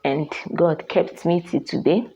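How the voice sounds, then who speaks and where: A woman's voice: on the low side, measured pace, warm tone, a little hiss or hum. A young Nigerian woman vlogger with a Nigerian accent, telling her own story in an earnest, emphatic way that repeats phrases for weight. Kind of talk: personal storytelling to camera. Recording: dull lo-fi sound.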